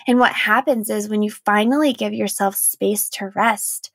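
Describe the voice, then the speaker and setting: Vocal-fry woman hosting a reflective podcast. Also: medium pitch, steady tone, normal speed, few pauses, dry recording. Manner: emotional, candid, frequent "like" and soft laughs. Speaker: podcast host. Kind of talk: reflective solo podcast monologue.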